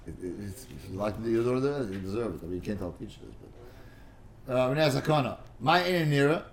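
A man's voice: mid-range voice, expressive, fairly quick, a little hiss or hum. A man teaching a casual study class, rambling and digressive, stumbling over repeated words and mixing in Hebrew and Aramaic terms.

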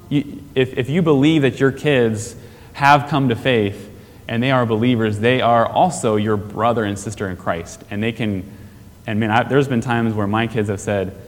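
A man's voice: on the low side, normal speed, big-room sound. A man giving a casual, conversational church teaching on family discipleship, often asking the audience questions. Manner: conversational, asks the audience questions, frequent "right?".

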